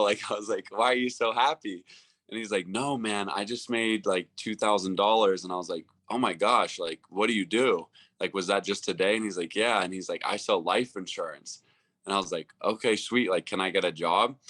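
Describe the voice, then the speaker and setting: A man's voice: sits low, bright, forceful tone, no echo. A man in his twenties, a guest telling his story in a chatty way, using "like" often and acting out old conversations. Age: 20s. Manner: chatty, says "like" a lot, acts out past dialogue. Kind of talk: casual storytelling interview.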